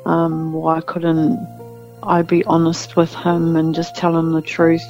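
A woman with an Australian accent giving a halting personal account in a news interview. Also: low voice, completely flat delivery, warm tone. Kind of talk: personal testimony. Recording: dull lo-fi sound with music bed.

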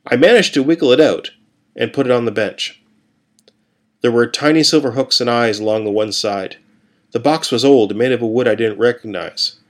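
A man reading a first-person story aloud in a calm, steady way. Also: medium pitch, moderate pace.

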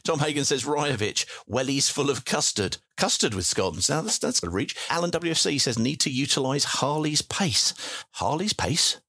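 A man's voice: mid-range voice, lively intonation, moderate pace, bright, forceful tone, slightly rough, dry recording, studio quality. A man with an English accent hosting a podcast, reading out listener messages in a jokey, chatty way. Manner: jokey, chatty, wordplay asides. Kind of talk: casual chat.

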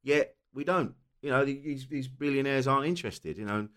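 An animated man in his forties from southern England talks as a guest, swearing freely as he tells stories. His voice sits at an ordinary middle pitch, recorded in a hotel room. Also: brisk, clean tone. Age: 40s. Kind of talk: casual chat.

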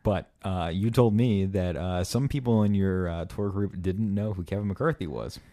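A man's voice: sits low, moderate pace, mellow. A man co-hosting a podcast in a laid-back way, prompting his partner with questions and plenty of fillers. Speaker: podcast co-host. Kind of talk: casual podcast chat.

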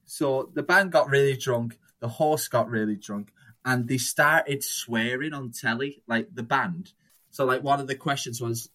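A man's voice: mid-range voice, measured pace, sharp tone. A young man in casual chat, rambling through anecdotes, swearing freely and acting out quotes.

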